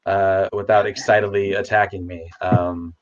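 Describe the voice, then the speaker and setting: A man with a fairly low voice speaks as a guest on a casual video chat. He rambles, restarts his sentences and talks warmly about his pets. The sound is dull and lo-fi. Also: level tone, normal speed.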